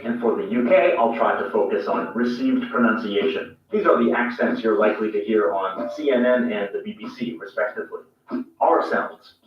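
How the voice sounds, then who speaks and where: A man narrating a scripted pronunciation lesson, explaining clearly and modeling example sentences. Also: mid-range voice. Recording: distant, very echoey, dull lo-fi playback.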